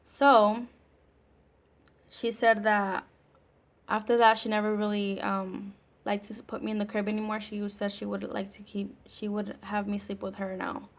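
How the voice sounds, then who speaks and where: A woman's voice: medium pitch, little pitch movement, unhurried. A young woman vlogger telling a scary story in a chatty, casual way, full of fillers and the odd swear word.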